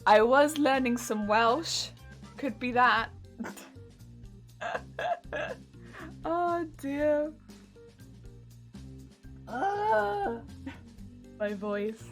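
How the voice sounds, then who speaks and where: A woman craft streamer chatting casually on a live stream while hoarse, her wheezy voice cracking as she talks. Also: high-pitched, expressive, drawn-out words, pauses often, soft background music.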